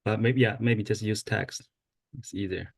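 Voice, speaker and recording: A man's voice: lowish voice, steady tone, normal speed, vocal fry, no echo. A man co-hosting an online class, offering brief, practical help with some hesitation. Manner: brief, helpful, slightly hesitant. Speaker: co-host. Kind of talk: casual meeting talk. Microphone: video call.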